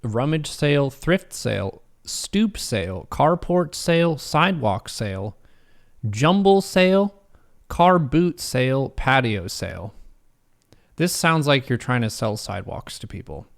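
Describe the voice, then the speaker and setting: A man's voice: mid-range voice, very animated, a little slow, creaky. Man thinking aloud through a quiz. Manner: reads quiz questions aloud and muses over answers. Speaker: streamer. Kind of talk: casual livestream commentary.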